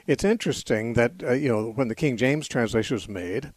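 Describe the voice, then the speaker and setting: A man hosting a call-in radio show, explaining Bible passages in a measured way and often correcting himself mid-sentence. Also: medium pitch, slightly rough, no echo.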